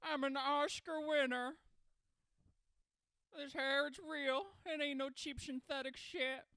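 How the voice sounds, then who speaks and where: A man's voice: steady tone, slow pace, vocal fry, no echo, heavily acted. Man putting on a brassy campy diva woman. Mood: boastful. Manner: loud, high, campy put-on diva voice. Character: brash diva woman singer, boastful and brassy.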